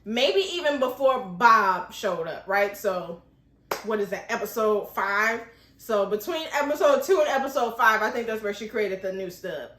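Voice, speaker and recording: A woman recapping a TV episode in a casual vlog, animated and emotional, often laughing and putting questions to her viewers. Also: medium pitch, moderate pace, reverberant, slight background noise. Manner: addresses viewers with rhetorical questions. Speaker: TV show recap vlogger.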